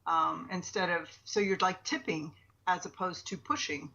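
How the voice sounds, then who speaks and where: A woman co-hosting a weightlifting podcast, talking in a chatty, animated and candid way. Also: fairly low pitch, normal speed, gravelly. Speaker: podcast co-host, weightlifting coach. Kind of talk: casual coaching chat. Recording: dull lo-fi sound.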